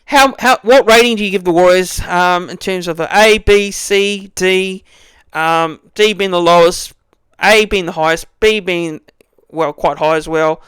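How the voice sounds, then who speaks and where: A man's voice: high-pitched, measured pace, a bit bright, clear, resonant tone, no room sound. A young man giving a casual fan review, rambling with many restarts and fillers. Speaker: fan channel host.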